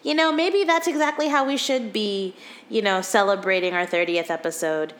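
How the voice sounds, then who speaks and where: A woman's voice: medium pitch, normal speed, a bit bright. A woman in her thirties co-hosting a podcast in casual chat, giggly and rambling, with many fillers and restarts. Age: 30s. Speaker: podcast co-host.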